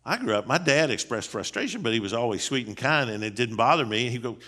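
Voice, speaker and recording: A man's voice: medium pitch, expressive, quick pace, sharp tone. A middle-aged man, a seminary dean, giving a conversational sermon on marriage in a folksy, emphatic way full of rhetorical questions. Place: church.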